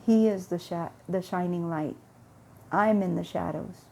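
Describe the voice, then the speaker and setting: A woman's voice: fairly low pitch, a little slow, creaky, a little mellow, slight background noise. A woman vlogger telling a rambling everyday story about her faith, acting out both sides of a conversation and often repeating words.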